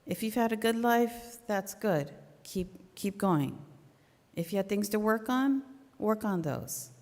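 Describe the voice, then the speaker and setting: A woman's voice: mid-range voice, expressive, takes it slowly, a little mellow. Earnest woman speaking in a reverberant hall. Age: middle-aged. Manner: earnest, conversational, with restarts. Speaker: church member giving a talk. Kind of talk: personal faith talk at a memorial service. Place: church hall.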